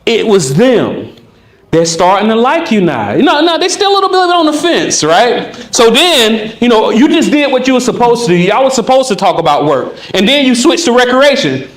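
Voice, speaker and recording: A man teaching conversation skills at a live workshop, animated and acting out both sides of a chat. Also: very high-pitched, moderate pace. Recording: echoey room.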